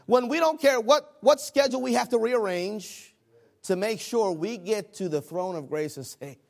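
A man preaching a sermon, swinging between loud exclamations and hushed, quiet lines. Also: high-pitched, moderate pace, vocal fry. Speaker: pastor.

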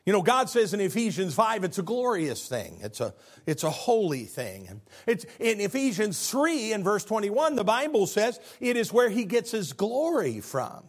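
A man preaching a sermon as pastor, telling stories with an animated delivery, often restarting his sentences. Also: high-pitched, normal speed. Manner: animated storytelling with stammered restarts.

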